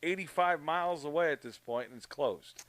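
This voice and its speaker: A man from Canada telling a story in casual chat on a podcast, profane and animated. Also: fairly high pitch, normal speed, no room sound. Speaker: podcast co-host.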